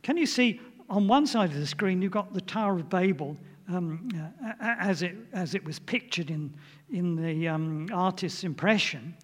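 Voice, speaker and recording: A man's voice: high voice, moderate pace, in a large hall. An older man giving an informal sermon in a chatty way, often putting questions to his listeners. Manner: chatty, asks the audience questions. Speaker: preacher.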